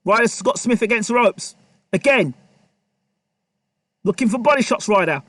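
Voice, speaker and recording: A man calls a boxing match live, firing off punches as they land and urging the fighters on. His voice is very high for a man. The sound is close and dry with no room behind it. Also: moderate pace, no room sound. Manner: excitable, repetitive, talks to the fighters. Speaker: boxing commentator. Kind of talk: live play-by-play commentary.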